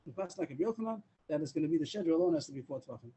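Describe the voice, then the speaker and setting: Quick-talking man teaching a Talmud class. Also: a little high, expressive, warm tone, a little hiss or hum, low-quality recording. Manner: explains slowly with restarts, mixes Hebrew and Aramaic terms. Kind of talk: daily Talmud lesson over video call. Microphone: video call.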